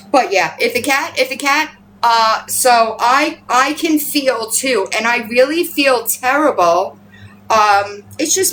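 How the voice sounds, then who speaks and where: Slow-talking woman on a phone livestream, a bit high-pitched, cussing and chatty, with faint noise behind her. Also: a bit bright, poor audio. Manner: profane, rambling, and chatty, switching to high baby-talk with her pets. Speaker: livestream host. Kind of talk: casual livestream chat. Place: at home with pets.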